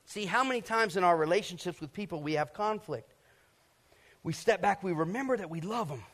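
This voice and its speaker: A middle-aged pastor from Georgia delivers a sermon to a congregation from the stage, his voice pitched on the high side. He drifts into lively personal stories, acting out scenes and adding playful sound effects. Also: brisk. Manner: animated storytelling, acts out scenes and sound effects. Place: stage before a live congregation.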